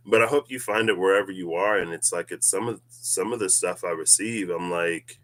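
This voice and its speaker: Deep-voiced man musing on spirituality. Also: normal speed, fairly bright tone. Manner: rambling, musing, laughs often. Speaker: tarot reader. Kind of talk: casual spiritual reading vlog.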